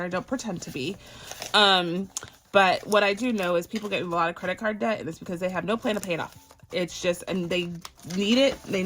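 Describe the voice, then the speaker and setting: A woman's voice: fairly low pitch, fairly bright tone, a little hiss or hum. A woman from Barbados chatting casually to her viewers while sorting and counting cash for her budget. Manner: chatty and playful, addresses viewers as y'all. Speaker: budgeting vlogger.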